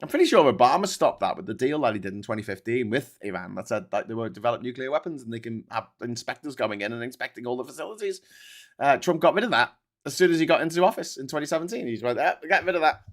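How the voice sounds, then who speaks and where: A man's voice: mid-range voice, fast talker. Sweary ranting British man. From Britain. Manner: sweary, animated, stumbling restarts. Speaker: host reading viewer comments. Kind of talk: live commentary rant.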